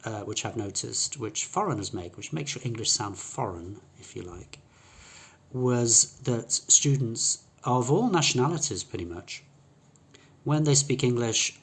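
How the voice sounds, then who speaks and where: Speaking at a measured pace, a man with a medium-pitched, slightly rough voice leads an English pronunciation lesson. He explains patiently, restarting and using fillers, and demonstrates sounds by setting them against each other.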